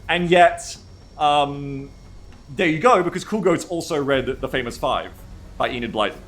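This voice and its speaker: A man's voice: fairly high pitch, expressive, measured pace, a bit bright, faint music behind. A man streaming live and chatting casually. He reads chat aloud, rambles, and swears freely.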